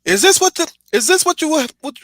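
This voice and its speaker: A shouting werewolf leader. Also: male voice, sing-song, fairly quick, no room sound, studio quality, exaggerated voice. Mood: furious, impassioned. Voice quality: shouted, strained high voice. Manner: impassioned, declamatory. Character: defiant male werewolf leader rallying his kind.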